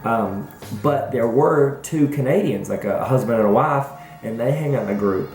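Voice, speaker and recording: A man's voice: medium pitch, moderate pace, a little mellow, faint music behind. A young man hosting a casual vlog, goofy and self-mocking as he chats to viewers. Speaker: vlog host. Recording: roomy echoey recording.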